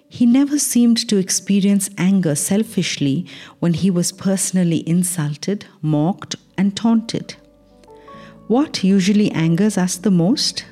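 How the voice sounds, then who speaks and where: A woman reads a short Christian devotional in a calm, earnest, measured voice. Her tone is mellow and sits a little low. Soft music plays faintly behind her. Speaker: devotional reader. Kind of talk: read devotional.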